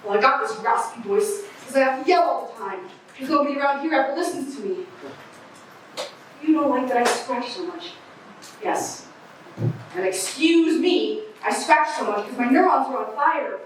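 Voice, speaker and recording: A raspy, eccentric street bag lady, played by a young stage actress, rambles and confides, singling out listeners one by one. The voice sits a little high. It comes from across a very echoey hall with faint noise behind. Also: animated, moderate pace, distant mic. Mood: rambling. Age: teenager. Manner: rambling, confiding, pointing out the audience. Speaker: student actor. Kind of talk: stage monologue. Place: camp theater stage.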